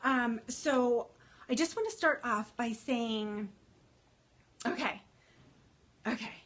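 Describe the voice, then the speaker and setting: Chatty husky-voiced woman livestreaming. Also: fairly high pitch, takes it slowly, fairly bright tone. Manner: chatty, emotional, many fillers, greets viewers by name. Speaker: fashion consultant livestreaming to followers. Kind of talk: casual livestream chat.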